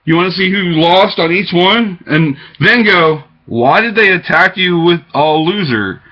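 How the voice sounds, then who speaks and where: Pitched high and pushed with a bright edge, a man's voice moves a little slowly through an agitated, wandering monologue aimed at his webcam, jumping around between topics. The recording comes from a webcam mic and sounds dull and lo-fi.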